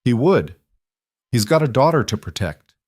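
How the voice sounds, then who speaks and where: A man voicing a woman, a quiet, thoughtful frontier bride who speaks in a measured way in an audiobook story. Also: medium pitch, sing-song, no room sound, pitched above the performer's own voice.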